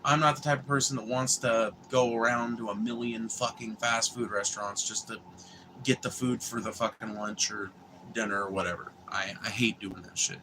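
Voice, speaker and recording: A man's voice: on the low side, fairly even intonation, normal speed, noisy background. A young man, chatting casually and rambling with viewers on a livestream, swearing freely and restarting sentences. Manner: profane, meandering, restarts and filler words.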